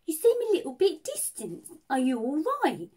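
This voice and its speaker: A woman's voice: high-pitched, wildly swooping pitch, moderate pace, dark tone. A woman voicing a ditzy, cheerful young woman, telling a comic story in a giggly, bubbly way. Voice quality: giggly, wide-eyed and bubbly. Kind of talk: comic character monologue.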